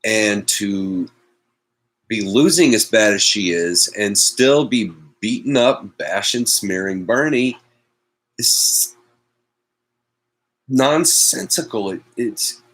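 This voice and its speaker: A man with a low, deep voice hosts a loose talk show from his home. He speaks slowly and drifts from topic to topic, with wry, self-mocking asides. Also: expressive, fairly bright tone, rough recording. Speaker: host. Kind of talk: casual political chat.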